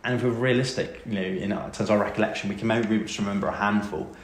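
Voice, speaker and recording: A young Englishman with a fairly low voice recalls his school lessons in a chatty, self-deprecating way, chuckling at himself. The sound is roomy and echoey, with a faint hiss underneath. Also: steady tone, fast. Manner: chatty, self-deprecating, laughs while telling stories. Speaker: former pupil interviewee. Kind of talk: anecdotal interview recollection. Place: school room.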